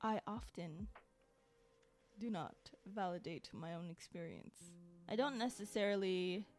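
A woman hosts her own podcast and rants solo, diary-style. Her voice sits at an ordinary pitch, and her delivery is exasperated and sarcastic, with words doubled up for emphasis. Soft music plays faintly underneath. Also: measured pace. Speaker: podcast host.

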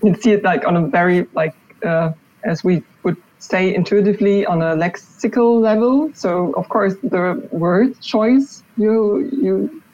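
Female guest, halting and slow, slightly low, dull remote recording. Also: darkish tone, a little hiss or hum. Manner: slow, hesitant, many ums and uhs. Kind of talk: casual interview answer.

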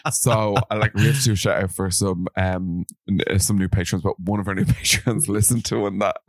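A man's voice: low voice, fairly even intonation, a little fast, dry recording, clean studio sound. An Irish man co-hosting a podcast, hungover and chatty, swearing as he tells what happened. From Ireland. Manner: chatty, swears, quotes people in anecdotes. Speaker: podcast co-host. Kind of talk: casual chat.

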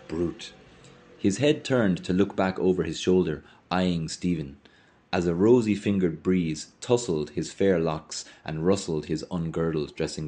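A man narrating a literary tale in a measured, dramatic, solemn reading. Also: low voice, dark tone. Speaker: reader.

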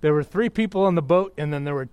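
A middle-aged male pastor preaching a sermon, excitable, bursting into yelling and then dropping back to a quiet, close tone. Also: fairly high pitch, quick pace, clear, resonant tone, no echo.

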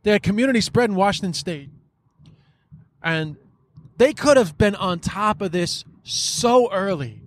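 A man hosts a podcast, delivering a casual, frustrated monologue full of swearing and fillers like "like" and "you know." His voice sits high, expressive and unhurried.

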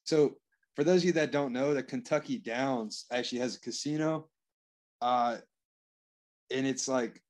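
A man's voice: medium pitch, moderate pace, long pauses, a little mellow. A man co-hosting a podcast, talking bluntly in casual banter with plenty of swearing. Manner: blunt, profane, defensive banter. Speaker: podcast co-host. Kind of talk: casual chat.

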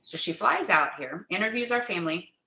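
A middle-aged woman, a guest in an interview, telling a personal faith story in an animated way and acting out the quoted dialogue. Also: medium pitch, fairly quick, reverberant, low-quality recording.

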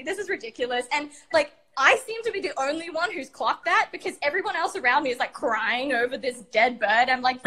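A woman telling a comic personal story to an online audience, animated and laughing as she acts out the scenes. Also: high-pitched, brisk. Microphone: remote home mic.

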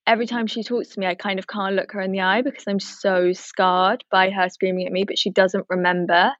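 A woman's voice: medium pitch, flat delivery, fairly quick, fairly bright tone, no room sound. A woman co-hosting a casual chat, telling a story with lots of likes and ums. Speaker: podcast co-host. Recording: dull dry sound.

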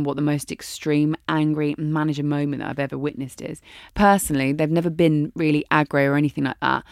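Gravelly-voiced woman co-hosting a podcast. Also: low voice, a little mellow, dry recording, studio quality. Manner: chatty, reads listener questions. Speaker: podcast co-host. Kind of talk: casual podcast chat.

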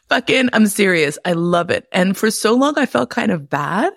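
Woman podcast host, mid-pitched and dry-sounding, telling candid stories, swearing freely and breaking into laughter. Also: moderate pace, creaky, hardly any pauses, no room sound. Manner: profane, laughs often, animated. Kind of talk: candid personal storytelling monologue.

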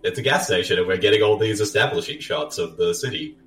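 A man with a lowish voice and a lively, swinging pitch hosts a relaxed movie commentary. He chats, laughs easily and fills the gaps with ums. He sounds set back from the mic in a roomy space with faint music behind. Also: fast talker, far from the mic. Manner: chatty, laughs often, trails off with um and uh. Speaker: podcast host.

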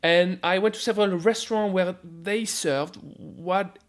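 A man with a French accent speaks in a high voice as a radio guest. He explains with animated energy and keeps repeating words at the start of his sentences. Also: measured pace. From France. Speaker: food scientist guest. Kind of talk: radio interview.

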